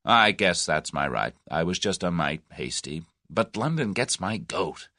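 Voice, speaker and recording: Man doing a brash young american guy, blunt and impatient, low lively voice. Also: a little slow, no echo, studio quality, exaggerated voice. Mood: easygoing. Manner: blunt, forceful.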